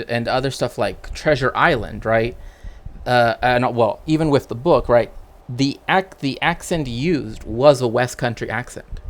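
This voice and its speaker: A man talks casually on a live stream in a loose, rambling way. He works as a cultural historian and keeps tagging his points with "right?" in a mid-range voice. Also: medium pitch. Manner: rambling, tags sentences with "right?".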